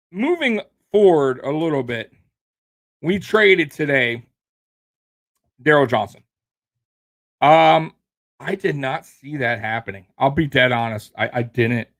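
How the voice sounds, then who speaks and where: A man's voice: fairly high pitch, expressive, takes it slowly, pauses often. A man hosting a fan sports show, ranting heatedly and with profanity, full of fillers and restarts.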